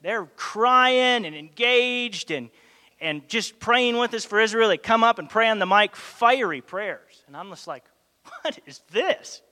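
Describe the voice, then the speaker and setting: Smooth and unhurried, a high-pitched man preaches while long hall reverb trails behind his words. He brings a story to life animatedly, voicing the dialogue as he goes.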